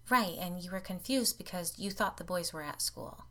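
A woman voicing a nervous, anxious housewife in a storybook reading, speaking in a hushed, uneasy way. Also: on the low side, expressive, normal speed.

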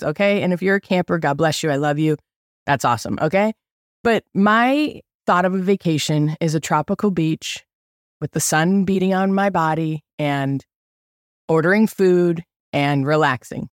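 A middle-aged woman hosting a podcast, telling a story in an animated, chatty way with lots of likes and okays. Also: low voice, no echo, clean studio sound. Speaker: podcast host. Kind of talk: casual storytelling.

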